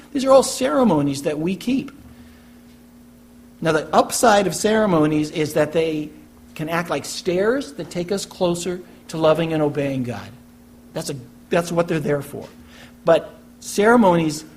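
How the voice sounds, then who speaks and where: A man's voice: a little high, a little hiss or hum. Emphatic preaching pastor, man. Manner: emphatic preaching with repeated phrases and rhetorical questions. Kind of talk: sermon. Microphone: church recording for online message.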